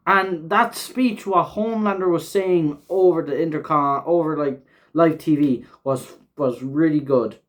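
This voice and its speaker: A man's voice: on the high side, unhurried. A man hosting a casual reaction recap of an episode, rambling with lots of fillers and frequent swearing. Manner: rambling, filler-heavy, swears often, laughs while talking. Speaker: show host reviewing an episode.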